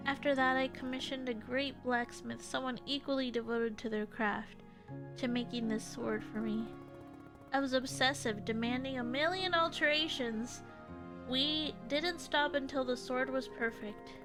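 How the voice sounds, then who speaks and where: Woman reading a determined young female fighter, earnest, high voice. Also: fairly even intonation, unhurried, over music. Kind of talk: reading game dialogue aloud.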